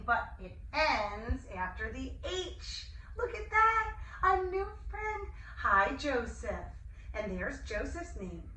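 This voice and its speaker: High sing-song teacher woman, echoey room. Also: recorded from a distance. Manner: sing-song, slow and gently enthusiastic, with gasps of delight. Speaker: preschool teacher. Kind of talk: online class for young children. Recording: echoey room, voice a bit off-mic, faint hiss.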